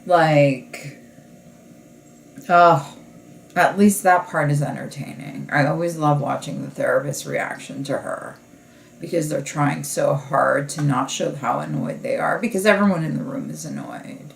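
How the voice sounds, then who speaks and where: A woman's voice: low voice, normal speed, gravelly, a little hiss or hum. A woman comedian talking in a rambling, casual podcast monologue, full of "like" fillers and restarts. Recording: roomy echo.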